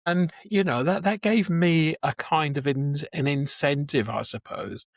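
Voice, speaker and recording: A man's voice: fairly high pitch, measured pace, creaky, no room sound, clean studio sound. A man in his seventies, a Jewish educator, chatting as a guest and telling stories with restarts and chuckles. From England. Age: 70s. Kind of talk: conversational interview.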